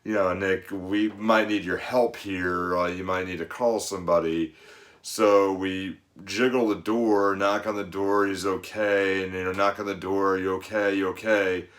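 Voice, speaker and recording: A man's voice: low voice, level tone, measured pace, a bit bright. A middle-aged man, a fitness coach, giving an earnest, rambling motivational monologue full of "you know" asides.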